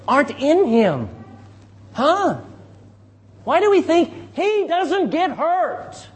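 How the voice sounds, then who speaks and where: A middle-aged man preaching a sermon as pastor, lively, calling for responses from the congregation. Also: very high-pitched, husky.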